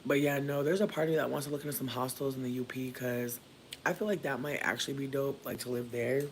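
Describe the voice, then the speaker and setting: A man from Michigan chatting casually with viewers while doing his hair, playful and profane, with sudden jumps into high squeals. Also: fairly even intonation, fast talker, slight background noise. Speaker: livestreamer.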